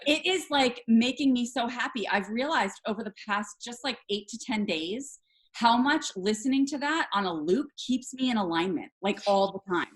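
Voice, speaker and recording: A woman's voice: fairly high pitch, expressive, moderate pace. Bubbly middle-aged woman guest. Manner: bubbly, gushing, says "like" a lot. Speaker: guest, therapist and Reiki healer. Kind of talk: casual interview chat.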